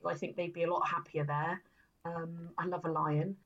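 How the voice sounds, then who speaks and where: A woman's voice: fairly low pitch, little pitch movement, normal speed, a bit bright, dull audio. A woman chatting casually and enthusiastically, telling stories with an easy, friendly flow. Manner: chatty, enthusiastic storyteller with frequent laughs. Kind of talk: casual chat.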